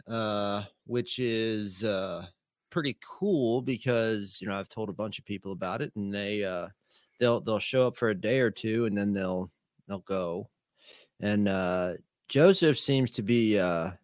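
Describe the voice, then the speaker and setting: A man co-hosting a casual live-stream talk, speaking softly and hesitantly with many fillers. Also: on the low side, dry recording, studio quality. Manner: hesitant, lots of fillers, soft-spoken. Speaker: co-host.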